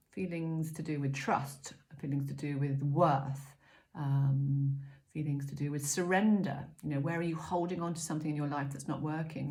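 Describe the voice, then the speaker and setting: A low-pitched, middle-aged woman talks through an oracle card reading in a relaxed, chatty way. She drifts between gentle guidance and light self-mocking asides, with plenty of ums. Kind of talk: casual spiritual guidance talk.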